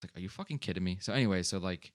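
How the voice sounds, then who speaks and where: A young man from Long Island, slightly low in pitch, talks casually with friends on a podcast. He rambles through his story with constant fillers and plenty of swearing. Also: rapid-fire. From Long Island, USA. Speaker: podcast co-host. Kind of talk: casual chat.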